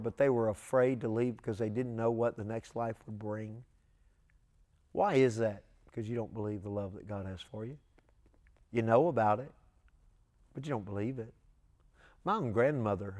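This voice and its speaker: Pastor guy preaching on tv, earnest and emphatic, mid pitch, lots of pauses. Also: a little mellow. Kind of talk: televised sermon.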